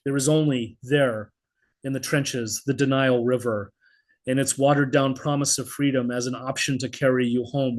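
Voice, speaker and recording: A middle-aged man reading his own poetry in an expressive spoken-word style, blunt and vivid, now and then swearing, over a video call. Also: medium pitch, normal speed. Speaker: poet.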